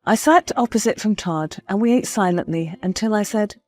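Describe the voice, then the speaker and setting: A woman narrating a first-person story in a confiding, expressive way. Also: medium pitch, moderate pace, hardly any pauses, soft background music.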